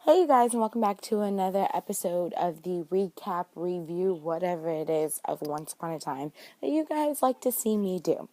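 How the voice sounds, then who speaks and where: A young woman vlogger with a lowish, dark, animated voice recaps a TV episode at normal speed with few pauses, over soft background music and no room sound. She's chatty and slangy, playing up the drama and acting out scenes in quoted voices.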